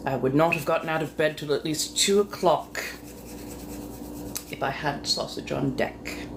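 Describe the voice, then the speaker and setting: A woman with a low, gravelly voice speaks at a measured pace while hosting a live stream from home. Her casual chat with viewers is flirty and teasing, packed with innuendo and muttered asides, over steady room noise.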